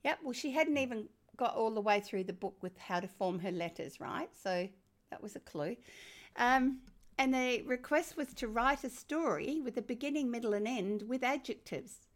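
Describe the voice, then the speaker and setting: An older woman with an Australian accent, speaking as a guest on a podcast. She talks emphatically, and her voice jumps high when she makes a point. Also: moderate pace. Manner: animated, emphatic, rising to high exclamations. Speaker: former teacher and education guest. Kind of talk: conversational interview.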